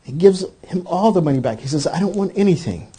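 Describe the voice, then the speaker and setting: Male lecturer, high warm voice, animated storyteller, keeps saying "he says". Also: fast talker, breathy edge. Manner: animated storyteller acting out quoted dialogue; repeats "he says" constantly. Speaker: speaker.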